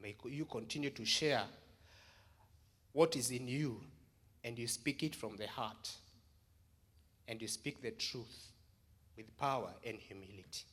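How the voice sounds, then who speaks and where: Earnest bright-voiced man giving thanks. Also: medium pitch, breathy edge. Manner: earnest, grateful, halting speech with restarts. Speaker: visiting guest from Kenya. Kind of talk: emotional farewell address to a congregation.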